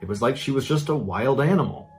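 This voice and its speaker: A man narrating a true scary story as a podcast storyteller, building suspense with sudden loud emphasis. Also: mid-range voice, animated, fast, soft background music.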